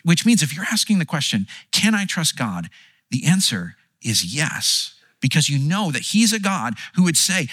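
A man's voice: on the high side, a bit bright, husky, no room sound. A man preaching a sermon, earnest and conversational, often restarting his words and acting out quotes. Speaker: pastor.

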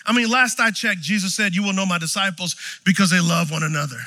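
A man preaching a sermon, telling personal stories in an animated way, swinging from shouts to quiet moments. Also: sits high, fast, big-room sound.

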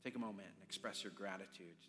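Earnest man preaching with bright tone. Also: low voice, fast. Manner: earnest, pleading, repeating phrases. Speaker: pastor. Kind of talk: sermon and altar-call prayer. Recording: long reverb, soft music behind.

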